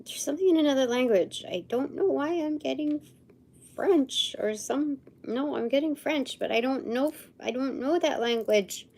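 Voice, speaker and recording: A woman's voice: high-pitched, normal speed, a little mellow. A woman hosting a live intuitive session, musing and hesitant as she thinks aloud, sometimes dropping to a murmur or whisper. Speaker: livestream host.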